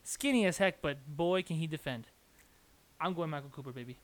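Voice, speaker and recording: A man's voice: fairly high pitch, brisk. A young man co-hosting a sports podcast, teasing his co-host and hyping his picks like an announcer. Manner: playful trash talk, hyped announcer bits. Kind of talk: casual sports chat.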